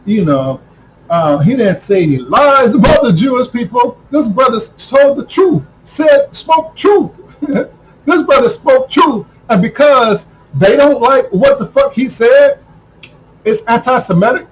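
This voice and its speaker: A man delivering a heated, profane monologue to camera, repeating himself and breaking into shouts. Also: extremely high pitch, expressive, measured pace, rough recording. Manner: heated, repetitive, swears constantly, bursts into shouting. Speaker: video commentator.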